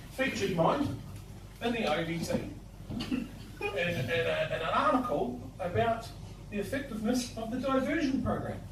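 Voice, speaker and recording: A young man telling a brash, self-mocking stand-up story with swearing, on a bar stage. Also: fairly high pitch. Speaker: stand-up comedian. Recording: echoey bar heard from far off, noisy.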